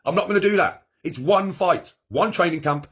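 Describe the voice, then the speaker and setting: A man's voice: high-pitched, lively intonation, moderate pace, a bit bright, husky. A middle-aged man chatting on a live stream, boastful, crude and rambling, laughing often. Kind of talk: boastful casual chat with friends.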